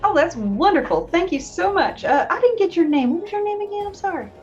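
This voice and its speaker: A woman playing her character in a tabletop game, gushing and flattering in a sweet, chatty way. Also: very high-pitched, brisk, lo-fi sound, faint music behind. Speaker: player.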